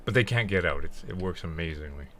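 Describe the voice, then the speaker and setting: Blunt joking man, lively low voice. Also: quick pace, a crowd in the background.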